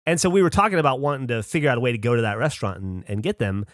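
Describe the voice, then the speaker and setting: A man's voice: mid-range voice, rapid-fire, dry recording, studio quality. A man on a podcast casually telling a long anecdote, acting out the people he quotes in a raised voice. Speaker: podcast host. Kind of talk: casual storytelling chat.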